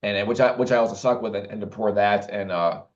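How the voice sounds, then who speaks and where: A man's voice: on the low side, steady tone, fast talker. A man talking casually to the camera in a rambling way, with many restarts and fillers. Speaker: vlogger. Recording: dull lo-fi recording.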